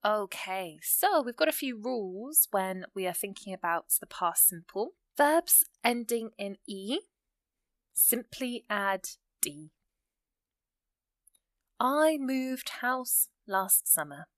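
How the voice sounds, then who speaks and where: In this grammar lesson, a female teacher explains English rules one step at a time and reads sample sentences at a slow pace. She speaks expressively in a mid-range voice, with no room sound audible.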